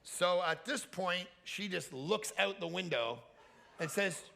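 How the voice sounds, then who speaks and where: A man preaching a lively camp sermon, telling stories and swinging from quiet asides to loud, high-pitched peaks. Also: slow, gravelly. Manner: animated storytelling with shouted high peaks. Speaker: pastor. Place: camp meeting hall.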